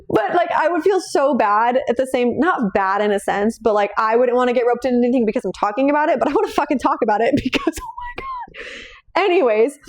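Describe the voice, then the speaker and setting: A woman hosting her own casual chat show from home at night, rambling through tangents and laughing often. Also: fairly high pitch. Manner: rambling, jumping between tangents with frequent laughs. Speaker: host.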